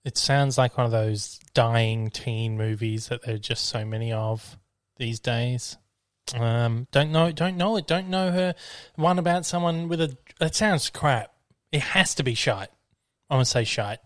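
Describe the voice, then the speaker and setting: A man with an Australian accent hosting a casual podcast from his dining room, chatty and quick to laugh. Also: medium pitch. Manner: chatty, laughs easily, reads listener emails aloud. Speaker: podcast host.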